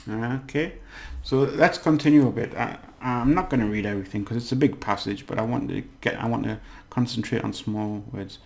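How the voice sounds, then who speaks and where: A man teaching a casual language lesson, patiently breaking down words and slowly overpronouncing the examples. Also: medium pitch, gravelly, darkish tone.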